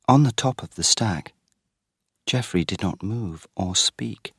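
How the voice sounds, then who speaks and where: Slow, deep-voiced male storyteller. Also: expressive, dry recording, studio quality. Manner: slow and clear for learners. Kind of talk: graded-reader story narration.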